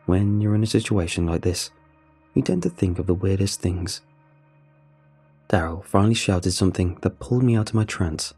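A young man narrating a first-person horror story in a somber, steady way. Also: low voice, moderate pace, slightly rough, soft background music.

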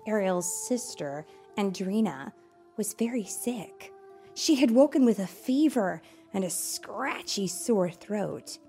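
A young adult mother reading a bedtime storybook aloud, animated, with playful asides. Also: medium pitch, slow, husky, faint music behind.

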